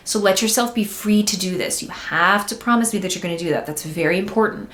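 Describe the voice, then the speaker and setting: A woman's voice: medium pitch, fast, few pauses, fairly bright tone. A woman hosting a singing podcast, coaching listeners through exercises in a direct, encouraging way from her desk. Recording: roomy echo.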